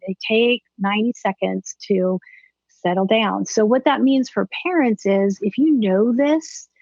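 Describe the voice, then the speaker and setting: A woman's voice: medium pitch, vocal fry, a little mellow, no room sound. A middle-aged woman psychologist explaining as a guest in an interview, using everyday analogies. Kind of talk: conversational interview. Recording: dull, slightly muffled audio.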